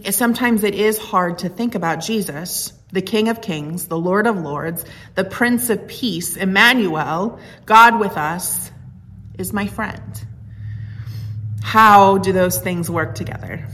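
A woman's voice: medium pitch, a bit bright. A woman pastor giving a conversational sermon, earnest and reflective, telling stories with a touch of humor.

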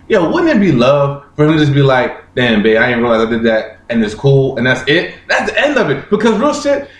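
A man, co-hosting a casual chat and telling stories with heavy slang and profanity. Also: on the high side. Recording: echoey room.

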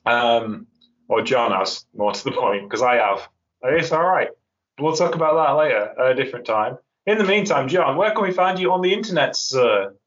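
A man's voice: mid-range voice, lively intonation, normal speed, fairly bright tone. A man hosts a casual podcast, chatting loosely with wry, rambling asides. His voice sits in an ordinary middle range. The recording is dull and lo-fi. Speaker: podcast host. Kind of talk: casual chat.

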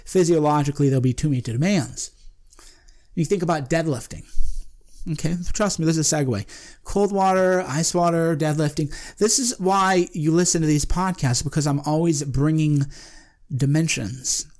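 A man's voice: on the high side, moderate pace, darkish tone. A man hosting a podcast, talking in a casual, emphatic monologue that often breaks off and repeats phrases. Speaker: podcast host.

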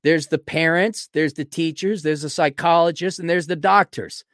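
A man hosting a podcast, delivering a blunt, mocking solo rant and often clearing his throat. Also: on the high side, steady tone, moderate pace, fairly bright tone, no room sound, clean studio sound. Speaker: podcast host. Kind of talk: ranting solo commentary.

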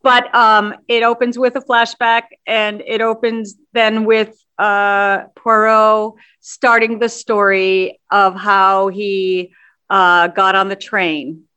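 A woman directing a stage play talks through her process in an interview. She speaks slowly and deliberately, filling her pauses with frequent ums. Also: mid-range voice, little pitch movement, pushed and bright, clear, resonant tone. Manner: slow and measured, frequent ums. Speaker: theater director. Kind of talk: interview answers.

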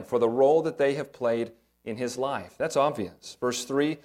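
A pastor delivers an earnest, emphatic sermon. His voice sits at an ordinary middle pitch for a man, and he leans on rhetorical questions to draw the congregation in. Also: normal speed, few pauses, darkish tone.

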